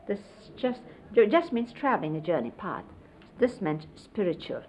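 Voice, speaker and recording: A middle-aged woman casually reminiscing, explaining hand gestures in an unhurried, conversational way and often quoting others. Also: medium pitch, very animated, darkish tone. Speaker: interviewee recalling life with a spiritual teacher. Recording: lo-fi 1970s videotape, faint hiss.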